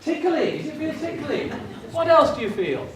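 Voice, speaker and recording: Joking playfully with children in the crowd, a middle-aged chemistry professor delivers a public science lecture at normal speed in a very high voice with big pitch swings. Background noise and echo fill the recording, taken from far off by a fixed camera in the lecture theatre.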